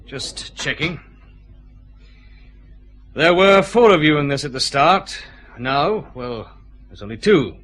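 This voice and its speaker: An actor with a Scottish accent playing a methodical, confident detective chief inspector pressing suspects in a radio drama. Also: male voice, a little high, animated, slow pace, pauses often, a bit bright, heavily acted.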